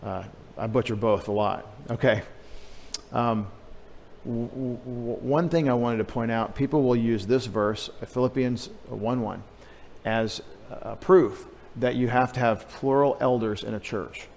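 A man's voice: medium pitch, steady tone, unhurried, creaky, darkish tone, big-room sound, a little hiss or hum. A male pastor preaching a conversational teaching sermon, asking rhetorical questions and restarting phrases as he explains.

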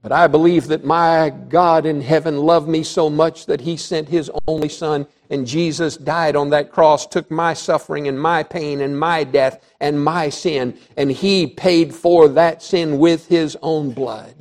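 A man preaching in church, his voice a touch higher than most men's. He delivers the sermon emphatically, climbing to loud declarations and then falling to soft, hushed lines. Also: steady tone, unhurried, few pauses. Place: church before a congregation.

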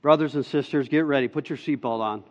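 A male pastor preaching a sermon, emphatic, pressing hard on key words and then dropping low and slow. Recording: dull sound with long reverb in a hall.

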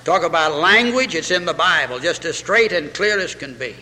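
A man's voice: a little high, expressive, normal speed, sharp tone. A man preaching a sermon with fervor, repeating phrases and quoting scripture in old English. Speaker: pastor. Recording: reverberant hall.

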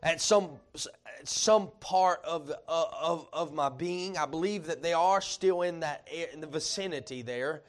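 Higher-voiced man preaching a sermon. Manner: asks the congregation questions, conversational asides; reads scripture slowly and deliberately. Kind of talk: sermon with scripture reading.

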